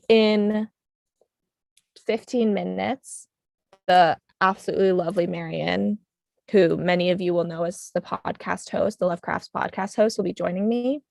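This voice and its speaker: A young woman with a New England accent chats her way through a knitting livestream, rambling easily and filling the pauses with ums. Her voice sits low for a woman and carries a gravelly fry. The sound is dry and close, with no room in it. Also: a little mellow, dry recording. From United States. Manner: chatty, rambling, frequent ums. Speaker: livestream host. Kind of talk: casual chat while knitting.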